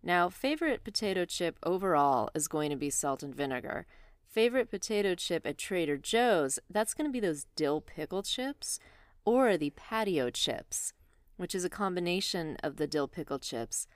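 A woman's voice: fairly low pitch, animated, moderate pace, dry recording, studio quality. A woman co-hosting a podcast, chatting playfully, a bit out of breath and laughing easily. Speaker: astrology podcast co-host. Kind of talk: casual podcast chat. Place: room with open door during rainstorm.

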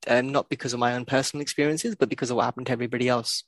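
A man's voice: mid-range voice, steady tone, rapid-fire, dry recording. A man co-hosting a podcast, talking football in a blunt, sweary way and laughing often. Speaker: podcast co-host. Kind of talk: casual football chat.

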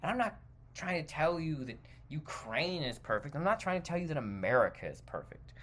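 A man's voice: a little high, sing-song, a little fast, a bit bright. A man hosting a podcast, delivering a heated, profane opinion monologue that rambles and interrupts itself. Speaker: podcast host.

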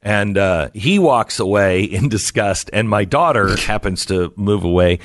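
A man's voice: on the low side, measured pace, no echo, clean studio sound. A middle-aged man hosting a talk radio show, telling stories in a wry, self-mocking way and laughing at his own jokes. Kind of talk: casual talk radio chat.

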